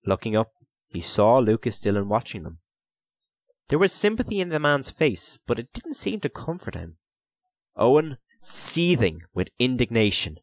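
A man narrating an audiobook in a measured, expressive reading on a close mic. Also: mid-range voice, dry recording. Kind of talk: storybook narration.

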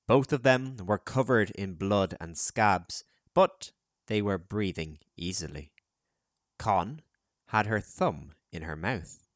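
A man with a lowish voice narrates a scripted children's adventure audiobook, telling it in a measured, expressive manner. The studio sound is clean, with no echo.

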